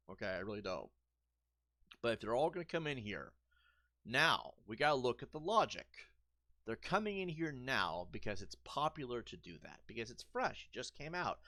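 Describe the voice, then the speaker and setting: A man ranting sarcastically and profanely while he streams a game. His pitch swings widely as he talks. The sound is dry and close, with no room around him. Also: fairly bright tone, no room sound. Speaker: gaming streamer. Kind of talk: casual rant over gameplay.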